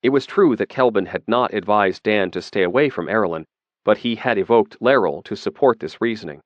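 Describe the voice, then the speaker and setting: A man reading a fantasy audiobook in a steady, measured narration. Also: fairly low pitch, no echo, highs cut off.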